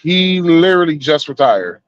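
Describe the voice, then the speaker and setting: A man's voice: on the high side, big pitch swings, normal speed, dry recording, dull audio. A man with a Southern US accent trading crude, laid-back stories as a podcast co-host. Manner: laid-back storytelling with slang and profanity. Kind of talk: casual crude banter.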